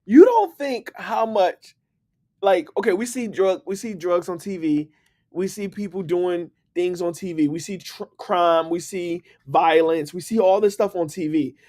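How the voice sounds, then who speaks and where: Laughing and speaking directly to viewers, a livestream host who also writes books chats casually in a high, warm voice at a measured pace. His accent is from Washington DC.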